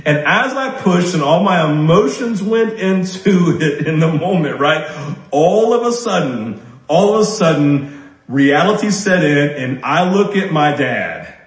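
A man preaching a sermon as pastor, repeating his key lines slowly for emphasis and often tagging "right?" onto his sentences. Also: on the high side, expressive. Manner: frequent tag question "right?". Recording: roomy echo.

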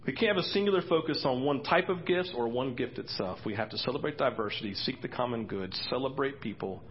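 Excitable male pastor preaching. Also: fast, muffled recording, slight background noise. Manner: excitable, voice jumps high for acted quotes. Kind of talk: sermon. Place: church sanctuary.

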